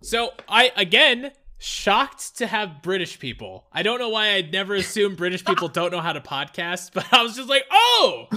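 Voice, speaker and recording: A man co-hosting a podcast, telling stories in a casual, animated way with laughs. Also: high-pitched. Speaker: podcast co-host. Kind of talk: casual chat.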